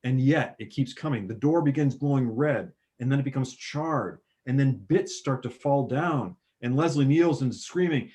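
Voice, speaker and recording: A man in casual chat, retelling movie scenes with animated bursts of excitement. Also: mid-range voice, normal speed, few pauses. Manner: animated storyteller, acts out film scenes with sudden loud bursts. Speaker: podcast guest.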